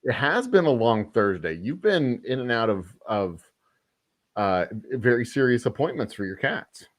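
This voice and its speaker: A man's voice: mid-range voice, very animated, a little slow, no echo, muffled recording. A man hosting a podcast in casual chat, rambling and joking, often correcting himself mid-sentence. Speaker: podcast host and whiskey maker.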